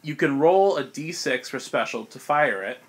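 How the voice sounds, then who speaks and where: A man's voice: fairly high pitch, lively intonation. A young man narrating as game master of a tabletop game with friends, casual and often laughing. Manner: casual, laughs often, quick voice snippets for monsters.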